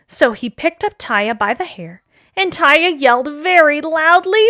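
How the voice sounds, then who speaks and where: Woman storyteller for children; high, bright, slow, expressive. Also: dry recording, clean studio sound. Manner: slow, expressive, sing-song. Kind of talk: reading a children's story aloud.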